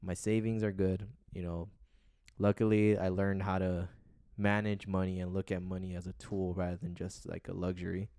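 A man with a very low voice co-hosts a casual podcast. He rambles in a relaxed, meandering way and drops swear words freely. The sound is dry and close. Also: normal speed, smooth, dry recording. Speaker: podcast co-host.

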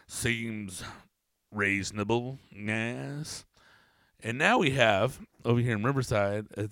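A man's voice: fairly low pitch, vocal fry, dry recording, clean studio sound. A man hosting a casual talk show, reading a news story aloud with stumbles and breaking off into profane, rambling commentary. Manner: rambling, swears a lot, reads aloud with stumbles. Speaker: podcast host reading news.

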